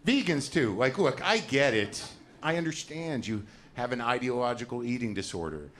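A man's voice: mid-range voice, expressive, moderate pace, noisy background. A man doing a stand-up comedy routine, ranting and swearing in a self-mocking way. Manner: ranting, profane, self-deprecating.

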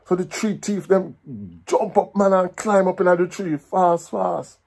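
A Jamaican man telling a folk story in patois, with a lively, animated delivery. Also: high voice, a little slow, creaky.

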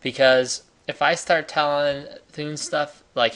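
A man's voice: a little high, steady tone, a little slow, hardly any pauses, fairly bright tone. A man from the United States hosting a casual, enthusiastic tutorial while sharing his screen. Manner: enthusiastic, chatty, salesy. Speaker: host.

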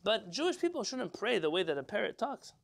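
A man teaching an informal religious class as a rabbi, lively and rhetorical, putting questions to his listeners. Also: sits high, fairly quick, vocal fry. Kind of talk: informal Torah lesson to a live class.

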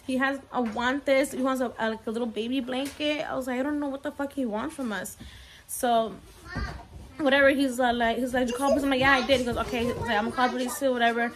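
A woman's voice: high-pitched, steady tone, fast talker. A young woman telling a frightening story on her vlog, near tears, rambling with many fillers and slipping in Spanish words. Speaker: vlogger.

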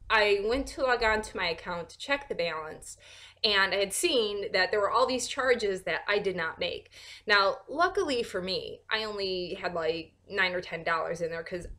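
A woman vlogger talking in a casual, animated and sarcastic rant, full of fillers and restarts. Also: lowish voice. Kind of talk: casual ranting monologue.

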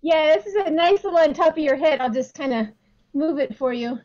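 Very high-pitched lady gushing in an improv bit, muffled video-call sound. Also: brisk. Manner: gushing, flattering, hesitant restarts. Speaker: improv performer.

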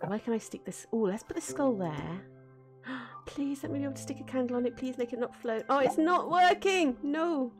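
A woman streaming a building game, chatting casually and giggling, with frequent excited gasps. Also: high voice, normal speed, over music.

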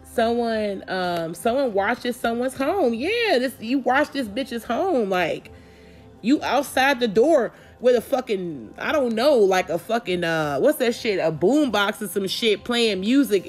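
A woman's voice: a little high, lively intonation, a little slow, soft background music. A woman doing a casual tarot reading, talking bluntly and confrontationally with lots of swearing. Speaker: tarot reader.

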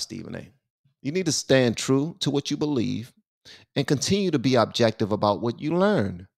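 A man hosting his own channel, giving emphatic, preachy opinion commentary and repeating words for stress. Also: mid-range voice.

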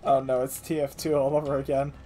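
A man chatting casually while gaming with a friend, giggly and quick to break into laughter. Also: medium pitch, level tone, mellow, soft background music. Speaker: streamer's gaming partner.

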